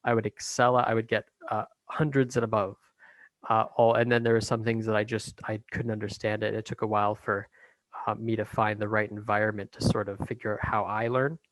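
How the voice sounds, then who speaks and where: A man talking as a guest in a casual conversation, hesitant with many pauses and restarts. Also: lowish voice, level tone, fairly bright tone, no room sound, poor audio.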